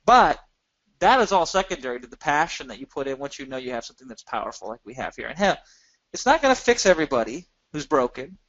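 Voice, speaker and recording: A man giving an energetic sales pitch in a webinar, with emphatic rises in pitch. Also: lo-fi sound. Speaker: webinar presenter.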